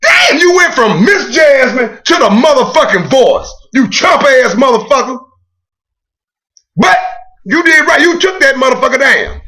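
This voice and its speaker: A man's voice: very high voice, big pitch swings, unhurried, pushed and bright. A man ranting to the camera in a video blog, boastful and profane, taunting a rival. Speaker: video blogger. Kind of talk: trash-talking rant to camera.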